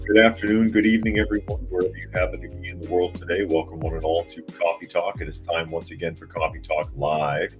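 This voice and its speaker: A man hosting a live news talk podcast from his home office, chatting casually and reading headlines aloud with his own comments. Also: rumbling low. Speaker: podcast host.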